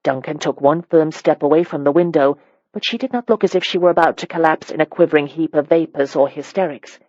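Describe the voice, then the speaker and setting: An audiobook narrator reading a period romance in a measured, wry storytelling manner. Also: medium pitch, darkish tone, no room sound, muffled recording.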